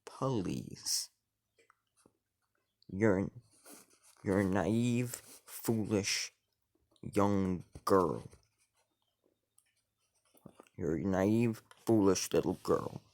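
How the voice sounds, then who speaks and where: A man's voice: low voice, very slow, pauses often, a little mellow, heavily acted. A man voicing a scheming, treacherous young husband who wants the throne, speaking in a cold, mocking way. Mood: cold contempt.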